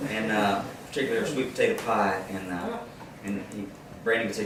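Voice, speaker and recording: Between songs at a live music session, a singer-songwriter with a lowish voice talks briskly, rambling through a story and often restarting phrases. The room is echoey, he's far from the mic, and loud guitar adds to the noisy background.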